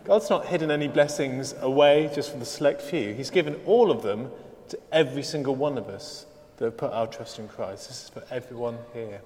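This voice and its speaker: Male preacher, sermon delivery, dry humour, emphatic build-ups, mid-pitched, long hall reverb. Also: fairly quick, a little mellow. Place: church service.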